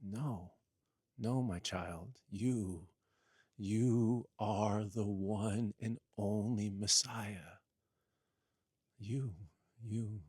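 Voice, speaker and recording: A man voicing a gentle, insistent divine voice calling someone chosen. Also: fairly high pitch, slow pace, no room sound, clean studio sound, pitched above the performer's own voice. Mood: soft reassuring. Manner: hushed, insistent.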